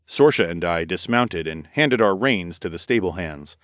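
A man reading an audiobook in first person with a steady, expressive delivery. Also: low voice, normal speed, no echo, clean studio sound. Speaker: audiobook narrator. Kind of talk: scripted narration.

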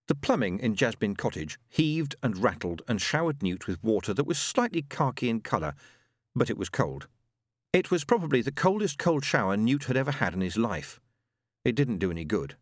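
A man narrating a novel as an audiobook with expressive, dramatic storytelling. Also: medium pitch, moderate pace, dry recording, clean studio sound.

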